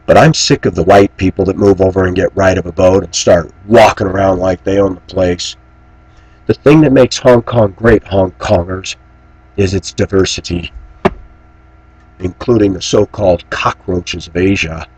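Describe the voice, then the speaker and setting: Middle-aged male vlogger, deep husky voice, preachy and indignant. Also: a little mellow, poor audio. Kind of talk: personal commentary monologue.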